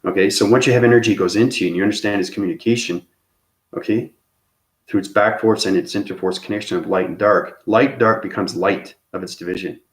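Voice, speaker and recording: A man's voice: on the low side, steady tone, fast talker. A man hosting his own channel, talking through a loose spiritual monologue that searches for words and restarts, and keeps checking in with "okay?". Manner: repeats "okay?" as a tag after phrases. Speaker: channel host.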